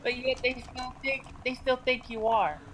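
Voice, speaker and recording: A woman's voice: sits high, steady tone, moderate pace, a bit bright, a little hiss or hum. A woman chatting sympathetically in a casual gaming voice chat. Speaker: fellow gamer in voice chat.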